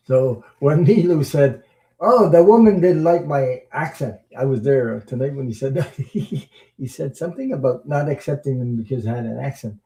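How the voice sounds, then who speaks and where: A man hosting a tarot livestream, chatting casually with viewers in a rambling, halting way, with many fillers and chuckles. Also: mid-range voice, gravelly, mellow, poor audio. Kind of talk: casual livestream chat reading viewer comments.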